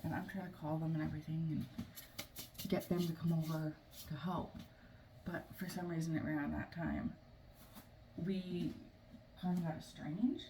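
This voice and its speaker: A young adult woman telling a family story in a casual, halting way, with many fillers and restarts. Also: deep voice, fairly even intonation, warm tone. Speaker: family vlogger. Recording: noisy room, mic at a distance.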